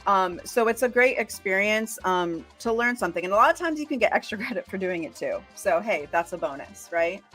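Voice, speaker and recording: A woman librarian co-hosting a casual livestream, chatty and quick to laugh, asking viewers questions. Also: medium pitch, expressive, a bit bright, faint music behind. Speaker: librarian co-host.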